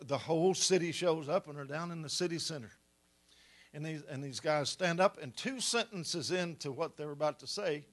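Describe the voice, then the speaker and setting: Male preacher, middle-aged, sermon storytelling, fairly high voice, builds to loud peaks. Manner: animated storyteller, rising to loud climaxes.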